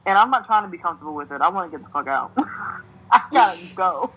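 A young woman from New Jersey, a podcast host telling a story in casual chat, swearing freely and ranting in an animated way, laughing often. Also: lowish voice, fast talker, a little hiss or hum, low-quality recording.

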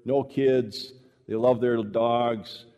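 A man preaching a sermon to a congregation, telling a story and acting out the dialogue with lively shifts in pace. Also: mid-range voice, drawn-out words, dull audio. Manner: animated, acts out dialogue, shifts pace often. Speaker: preacher teaching evangelism. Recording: long hall reverb.

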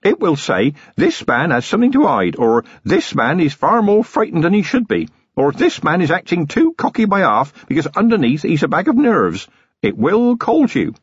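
A man's voice: on the high side, huge pitch swings, moderate pace, husky, dry recording, voice pushed up, full character voice. A man reading a novel aloud, voicing an earnest young village constable who is eager, deferential and boyish. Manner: eager and deferential, lots of "sir". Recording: dull lo-fi audiobook recording.

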